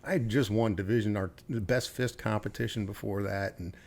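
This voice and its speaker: A man's voice: fairly low pitch, steady tone, a little fast, gravelly, a little mellow. A middle-aged man from the United States, a retired Army officer and podcast guest. He tells stories casually and bluntly, with swearing and quoted dialogue. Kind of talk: casual interview storytelling.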